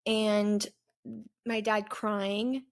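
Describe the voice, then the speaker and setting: A woman in her twenties, a vlogger, candidly recounting a personal story in an earnest, halting way with pauses. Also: mid-range voice, little pitch movement. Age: 20s.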